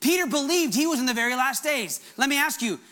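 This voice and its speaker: A male pastor preaching a fervent, animated sermon. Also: extremely high pitch, fast.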